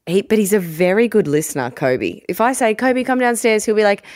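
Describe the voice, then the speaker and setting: A woman's voice: mid-range voice, a little fast, few pauses, a little mellow, no echo. Candid woman, dry close sound. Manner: laughs often, candid and cheeky. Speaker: podcast co-host. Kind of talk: casual chat.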